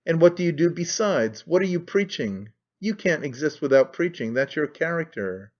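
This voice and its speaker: A man's voice: a little high, lively intonation, moderate pace. A man reading aloud who voices a sick young woman in labour, scornful and in pain, in a dull lo-fi recording. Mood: angry, anguished. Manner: scornful and imperious.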